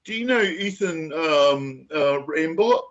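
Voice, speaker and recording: A man's voice: fairly high pitch, expressive, slow, fairly bright tone, dull audio. A man mimicking a nervous, repetitive man ringing the police, in a sing-song whine. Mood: mocking whine. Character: whiny mocked man phoning the police.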